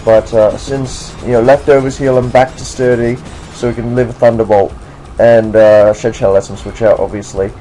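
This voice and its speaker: An American man commentates a game match in a casual, rambling style while putting on a generic British accent, with many fillers and restarts. His mid-range voice is mellow, with little pitch movement and a normal speed. Soft music plays in the background of the low-quality recording.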